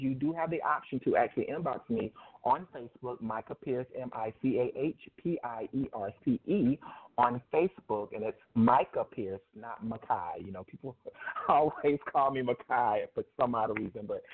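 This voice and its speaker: A man in his thirties hosting a call-in interview, chatty, with frequent ums and easy laughs. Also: medium pitch. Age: 30s. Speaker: host. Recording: tinny phone line.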